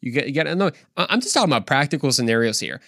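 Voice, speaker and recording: A young adult man hosting his own podcast, giving a casual devotional talk in an animated, slangy, conversational way. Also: mid-range voice, rapid-fire, gravelly, no echo, clean studio sound. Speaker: podcast host.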